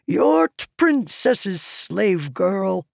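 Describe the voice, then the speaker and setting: A woman's voice: mid-range voice, sing-song, measured pace, a little mellow, no room sound, studio quality, voice pushed up. A woman voicing a grumbling, proud male noble scholar in an audiobook, clipping 'the' to 't''. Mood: irritable. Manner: clips 'the' to 't'', a rustic way of speaking. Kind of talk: audiobook character voice.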